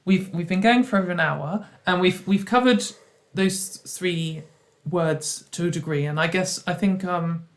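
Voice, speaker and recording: A woman's voice: lowish voice, unhurried, few pauses. A woman hosting a casual livestream chat over a video call, rambling with many restarts and slipping into ironic quoted voices. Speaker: host.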